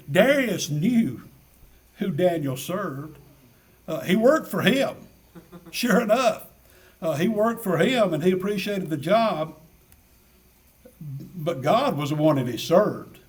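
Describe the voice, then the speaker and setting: A man delivers a sermon in an earnest preaching manner, leaning on rhetorical questions and repeated phrases. His voice sits fairly high for a man. He sounds a little distant from the microphone.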